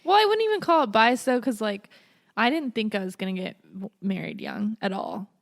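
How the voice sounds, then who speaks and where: A young woman co-hosting a casual podcast. She agrees often with quick yeahs and laughs easily. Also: mid-range voice, lively intonation, vocal fry. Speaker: podcast co-host. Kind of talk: casual chat.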